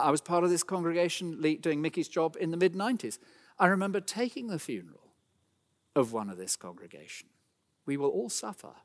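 A man's voice: medium pitch, big-room sound. A middle-aged man preaching a sermon in a church, earnest and building to fervent emphasis. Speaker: pastor.

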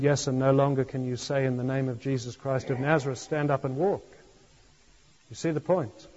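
Pastor preaching in a reverberant church. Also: male voice, medium pitch, a little mellow. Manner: earnest preaching with emphatic pauses. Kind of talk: sermon. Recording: long church reverb, dull lo-fi sound.

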